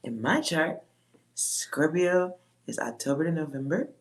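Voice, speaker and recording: A woman with a low, grounded voice chats on a livestream as a psychic reader. She talks bluntly and swears freely, with laughs breaking into her talk. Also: very animated, a little slow. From Texas. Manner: blunt, profane, laughs often. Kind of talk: casual livestream chat.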